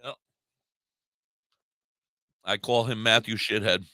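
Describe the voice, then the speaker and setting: A man's voice: on the low side, fairly even intonation, takes it slowly, bright, forceful tone, no echo. A man co-hosting a radio talk show in casual banter, rambling and blunt. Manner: rambling, blunt, cheers and swears. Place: radio studio.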